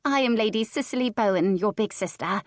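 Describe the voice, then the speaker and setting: A woman reading an audiobook voices an eager, affectionate little noble girl who chatters brightly and excitedly. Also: medium pitch, a little fast, no echo, clean studio sound, voice pushed up, natural voice.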